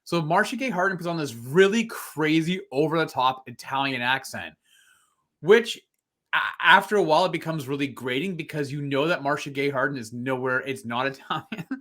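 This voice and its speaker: A man's voice: on the high side, normal speed, a bit bright. A man hosting a podcast, chatting casually and animatedly about a movie, rambling and laughing often. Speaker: podcast host. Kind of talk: casual movie review chat.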